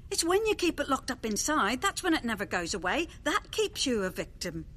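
A woman's voice: high-pitched, big pitch swings, brisk, fairly bright tone, heavily acted. A woman voicing an earnest, encouraging friend in a radio drama.

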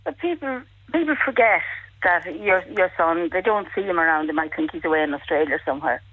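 A woman speaking to a radio host over the phone about her son in prison, earnest and halting. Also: lowish voice, expressive. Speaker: caller. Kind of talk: phone-in interview. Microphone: telephone. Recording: tinny phone line.

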